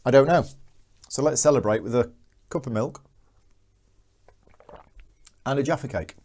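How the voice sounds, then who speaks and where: A man's voice: mid-range voice, unhurried, a little mellow. A man hosting a live board game unboxing, chatting casually and reading out viewer comments as he goes. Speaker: board game channel host.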